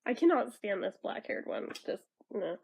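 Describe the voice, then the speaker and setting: A woman's voice: mid-range voice, big pitch swings, normal speed, gravelly, darkish tone, slightly rough. A woman hosting a casual comic read-along, chatty and giggly with wry asides. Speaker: video host reading a comic aloud.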